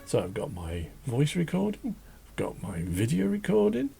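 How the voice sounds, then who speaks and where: A man hosting a drawing channel, chatting casually and rambling as he draws, self-deprecating and laughing often, with a croaky voice. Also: mid-range voice, wildly swooping pitch, normal speed, mellow. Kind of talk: casual chat while drawing. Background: faint classical music.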